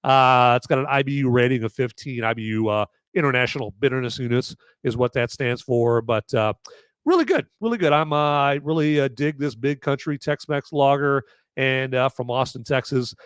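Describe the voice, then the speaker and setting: A man's voice: mid-range voice, normal speed, clean tone, no echo. A man with a sore throat hosting a casual live show, rambling and joking with lots of fillers and restarts. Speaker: podcast host reviewing beer. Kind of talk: casual live-stream chat.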